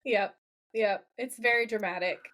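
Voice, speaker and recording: A woman's voice: on the high side, normal speed. A woman co-hosting a podcast, casually recapping a TV episode and reading out lines from its scenes. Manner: reads out quotes from the scenes, lively retelling. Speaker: podcast co-host.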